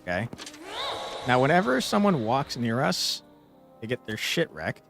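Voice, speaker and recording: A young man with a gravelly, creaky voice talks through his moves in a tactics game, his pitch jumping around as he jokes, swears and fakes outrage. Faint game music plays underneath his commentary. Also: sing-song, unhurried, fairly bright tone. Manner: playful, swears freely, mock outrage. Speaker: gaming streamer. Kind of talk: casual gameplay commentary.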